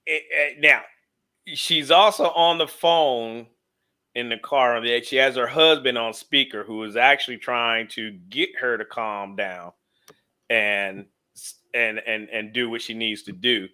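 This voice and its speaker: A man's voice: medium pitch, unhurried, pushed and bright. A man co-hosting a casual commentary on a police video, with frequent restarts and fillers. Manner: stammering restarts, many "you know"s. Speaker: co-host.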